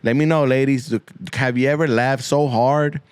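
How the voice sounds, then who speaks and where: A man's voice: mid-range voice, steady tone, moderate pace, clear, resonant tone, no echo. A man hosting a podcast, rambling through a crude comic monologue full of swearing and Spanish slang, often repeating himself. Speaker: podcast host.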